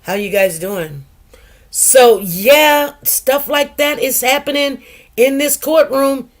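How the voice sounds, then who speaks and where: A woman's voice: high-pitched, slow. Chatty middle-aged woman hosting a livestream. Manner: chatty, greets viewers by name, drawls some words. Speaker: livestream host. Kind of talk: casual livestream chat.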